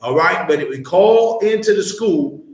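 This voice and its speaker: Man, high voice, loud profane scripture teacher, heavily echoing classroom. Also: lively intonation, moderate pace. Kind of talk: street preaching scripture class. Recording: very echoey room.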